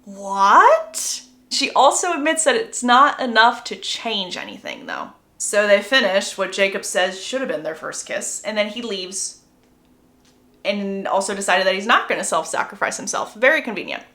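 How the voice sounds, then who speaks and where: A woman's voice: medium pitch, sing-song, moderate pace, bright, forceful tone. Chatty woman with gossipy asides. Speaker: book recap creator. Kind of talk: casual story recap. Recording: roomy echo.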